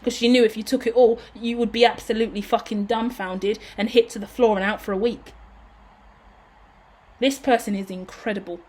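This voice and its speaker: A woman's voice: a little high, fairly even intonation, brisk, a little mellow. A woman giving a tarot reading in a casual, emotional and effusive way, swearing now and then. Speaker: tarot reader.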